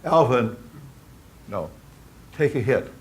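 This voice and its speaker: A man voicing God in a joke as a booming, insistent male voice that gives slow commands. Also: lively intonation, darkish tone, slight background noise. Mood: commanding.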